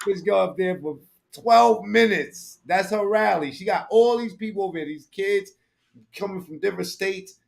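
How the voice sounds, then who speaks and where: A man's voice: sits high, normal speed, creaky, a little hiss or hum. A man commentating live on a stream, crude and mocking, rambling in heavy slang with frequent profanity.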